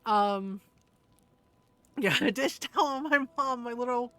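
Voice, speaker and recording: A woman's voice: a little high, takes it slowly, a bit bright, no room sound. A woman streamer chatting candidly over gameplay, laughing often and swearing casually.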